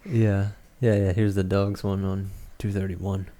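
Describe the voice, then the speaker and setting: Low mellow-voiced man, casual chat. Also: little pitch movement, measured pace. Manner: laid-back, swears freely, jokey asides. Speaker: podcast co-host. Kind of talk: casual book club chat.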